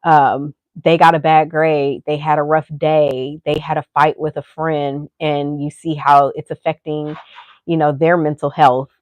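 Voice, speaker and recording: A woman with a low, deep voice talks in a loose, rambling way and keeps dropping "you know" into her sentences. The sound is dry and close, with no room echo. She speaks as a podcast host sharing frank thoughts. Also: little pitch movement, a little slow, lo-fi sound. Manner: candid, rambling, full of "you know" asides. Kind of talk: casual chat.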